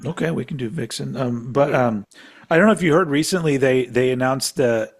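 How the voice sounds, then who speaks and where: A man's voice: mid-range voice, fairly quick, breathy edge. A man co-hosting a casual podcast, rambling off on tangents, swearing freely and laughing often as he talks. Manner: laughs often while talking. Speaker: podcast co-host.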